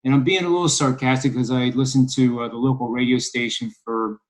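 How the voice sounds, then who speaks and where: A man's voice: mid-range voice, steady tone, a little fast, poor audio. A man from Philadelphia discussing sports bets on a podcast, rambling and wry with many ums and uhs. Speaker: sports betting analyst.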